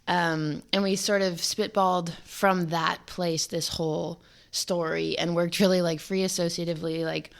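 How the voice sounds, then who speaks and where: Chatty young woman filmmaker, low voice. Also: normal speed, vocal fry, smooth. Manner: animated, chatty, peppered with "like". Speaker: filmmaker and lead actor. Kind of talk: casual interview answers.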